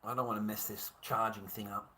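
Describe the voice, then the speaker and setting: A man's voice: lowish voice, level tone, fairly quick, bright, forceful tone, a little hiss or hum. An Australian man hosting a livestream, rambling and chatting to viewers, swearing freely, laughing often and calling everyone mate. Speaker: livestream host. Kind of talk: rambling live-stream chat.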